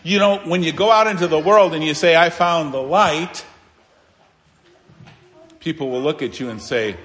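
A male pastor delivering a sermon in a slightly high voice, earnest and emphatic. He climbs to raised declarations, then drops to quiet, low asides. The sound carries a long reverb from the church hall. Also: normal speed. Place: church sanctuary.

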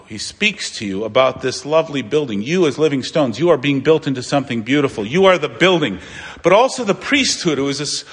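A man's voice: mid-range voice, fairly bright tone. A man preaching a sermon as pastor, emphatic, asking rhetorical questions and repeating phrases.

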